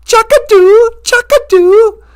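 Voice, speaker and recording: A woman doing a bossy little girl, high and whiny. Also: takes it slowly. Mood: wheedling.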